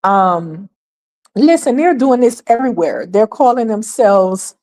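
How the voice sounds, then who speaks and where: A woman's voice: on the high side, expressive, measured pace, darkish tone. A woman hosting her own livestream, talking casually and emphatically straight to her viewers and repeating her points. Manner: chatty and emphatic, addresses viewers directly, repeats points, breaks into laughs. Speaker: host of her own talk stream.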